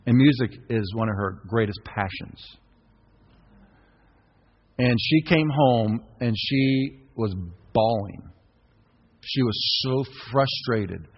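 In a dull, echoey church recording, a middle-aged pastor with a medium-pitched, slightly rough voice delivers a sermon. He urges his congregation to echo his phrases, exhorting them through call-and-response in the sanctuary.

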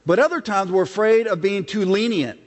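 A middle-aged male pastor with a high-pitched voice delivers a conversational sermon, slipping into acted-out quotes. His voice rings with the long reverb of a big hall. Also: fairly quick.

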